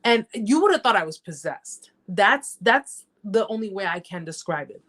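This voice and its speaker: A woman hosting a live chat, speaking at a middle pitch in a casual, unscripted way. She reads viewer comments aloud and answers them directly. She repeats her points for emphasis. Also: animated, normal speed, fairly bright tone. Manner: emphatic, repeats phrases, talks straight to viewers.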